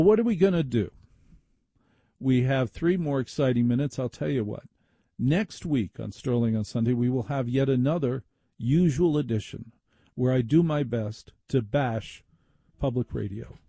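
A man's voice: medium pitch, dark tone, slightly rough, dry recording. A man hosting a talk radio show, delivering an opinionated, indignant and sardonic monologue into a studio microphone.

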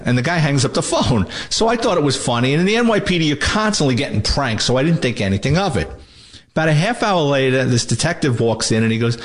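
A retired police detective from New York, an older man, telling a lively anecdote about his days on the job and acting out the voices of the people in it. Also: mid-range voice, a little fast. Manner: animated storyteller acting out quotes. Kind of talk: spoken anecdote segment.

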